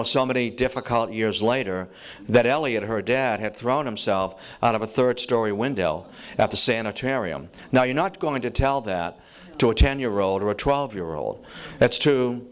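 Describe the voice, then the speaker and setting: A man's voice: mid-range voice, moderate pace, clean tone. A man teaching as a lecturer, telling a life story conversationally, with restarts and many "you know" asides, acting out quoted voices.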